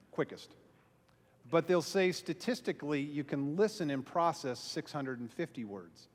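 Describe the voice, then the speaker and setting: A man, a pastor, telling a self-mocking story to a church audience and acting out the voices he quotes. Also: medium pitch. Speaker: pastor and small group speaker. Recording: long hall reverb from a live venue.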